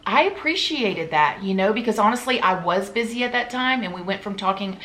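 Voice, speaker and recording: A woman's voice: mid-range voice, animated, a little fast, rough recording. A woman hosting a casual chat with friends, talking in a playful, chatty way. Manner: warm, chatty, playful asides. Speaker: host.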